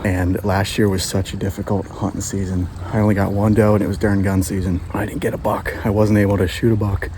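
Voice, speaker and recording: A man bowhunting in the woods, talking excitedly and rambling to his camera from a tree stand. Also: low voice, noisy background. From Pennsylvania. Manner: excited, rambling, repeats himself. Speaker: bowhunter filming his own hunt. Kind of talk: casual hunting vlog to camera.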